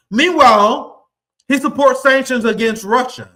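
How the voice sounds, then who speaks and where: A man's voice: very high voice, moderate pace, sharp tone. A young man giving heated, profane political commentary, combative and mocking as he reacts to clips.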